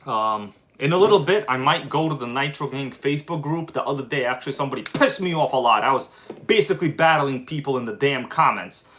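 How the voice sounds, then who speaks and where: A man hosting a casual live stream and chatting with his audience, animated and quick to flare up with irritation. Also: mid-range voice, a little hiss or hum. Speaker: livestream host.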